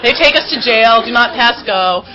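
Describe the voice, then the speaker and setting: A woman's voice: a little high, animated, normal speed, pushed and bright, some chatter behind. A woman speaking at a recovery meeting, telling her story to the audience in a candid, self-mocking way and often laughing as she talks. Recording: slightly dull recording with faint background hum.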